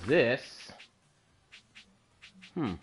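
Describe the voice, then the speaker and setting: A man's voice: extremely slow, faint music behind. A man hosting a casual gaming session with a friend, crude and teasing, swearing often. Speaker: gaming channel host. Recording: dull lo-fi capture with faint noise.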